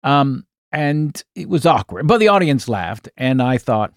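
A man in his sixties, a comedian guest, telling an anecdote in an animated way, with asides and self-corrections. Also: medium pitch, a little slow, few pauses, dry recording, studio quality. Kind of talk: anecdotal storytelling in an interview.

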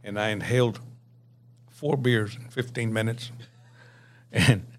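A man in his eighties, a podcast guest telling stories in a lively way, laughing often and acting out the dialogue. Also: lowish voice, a little slow. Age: 80s. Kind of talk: anecdotal storytelling.

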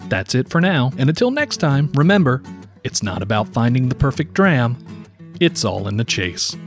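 A man's voice: mid-range voice, sing-song, normal speed, music in the background. A man hosting a podcast, chatting casually with guests and reading an upbeat sign-off. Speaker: podcast host. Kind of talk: casual chat and scripted outro.

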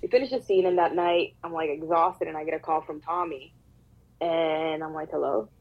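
An actress with a Puerto Rican accent tells a candid, emotional, profane story on a casual podcast. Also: female voice, sits low, steady tone, moderate pace, lo-fi sound. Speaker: actress guest.

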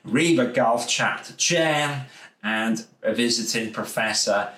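Upbeat Welsh podcast host, roomy sound. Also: male voice, medium pitch, takes it slowly, fairly bright tone. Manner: upbeat, effusive, rambling. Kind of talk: casual interview wrap-up. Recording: roomy echo.

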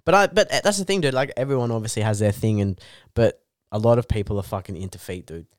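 A man's voice: fairly low pitch, quick pace, no room sound, studio quality. A man ranting in crude, swear-heavy podcast banter. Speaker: podcast co-host.

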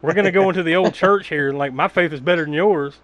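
Chatty, rambling man with a slightly high voice. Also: fast talker, fairly bright tone, highs cut off. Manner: rambling, laughs often, swears casually. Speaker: podcast co-host. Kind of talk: casual movie recap chat.

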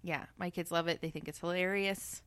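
Woman, podcast host, casual chat, dry teasing manner, smooth voice, dry recording. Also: lowish voice, steady tone, brisk, a bit bright, no echo.

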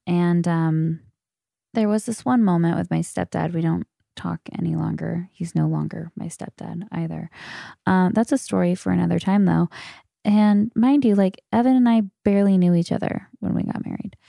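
Gravelly low-voiced woman podcasting solo. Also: fairly even intonation, normal speed, no room sound, studio quality. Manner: frank, warm coaching tone with casual swearing. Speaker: podcast host. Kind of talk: solo podcast Q&A, casual and candid.

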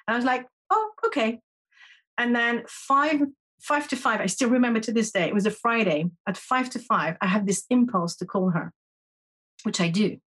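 A woman's voice: fairly high pitch, normal speed, a bit bright, husky. A woman who teaches intuition, a guest on a podcast, explaining her ideas earnestly with frequent restarts. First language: French. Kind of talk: conversational interview.

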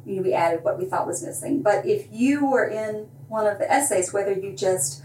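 A woman's voice: medium pitch, darkish tone, roomy sound, recorded from a distance, rough recording. A woman with a Southern US accent, an author talking in an interview with wry humor and frequent laughs. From Alabama, US. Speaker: author guest. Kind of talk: interview conversation.

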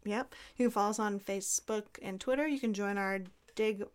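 A woman's voice: mid-range voice, fairly quick, clean tone. A woman co-hosting a podcast who reads out the show's contact details and makes dry jokes. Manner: dry, joking. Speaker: podcast co-host. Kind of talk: casual chat.

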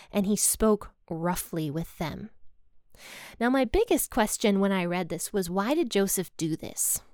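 Brief: female podcast host, mid-pitched, dry close sound, relaxed storytelling with lots of personal asides. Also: no room sound. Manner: conversational, thinks aloud with frequent "I think". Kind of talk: casual Bible story retelling.

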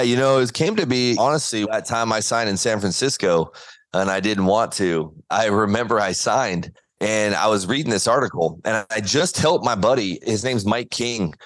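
Earnest low-voiced man telling a story. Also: no room sound. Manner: earnest, animated storytelling with acted quotes. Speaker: guest, former baseball pitcher. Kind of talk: conversational interview.

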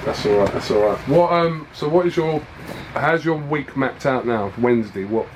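A man's voice: medium pitch, lively intonation, normal speed, noisy background. A man interviewing a boxer in a casual, chatty and self-deprecating way. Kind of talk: casual fight-week interview.

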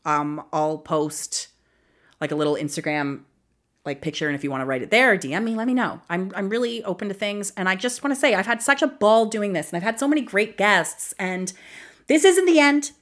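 A woman's voice: medium pitch, fairly quick, fairly bright tone. A young woman hosting a solo podcast, talking casually and emotionally with lots of fillers and laughs. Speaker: podcast host.

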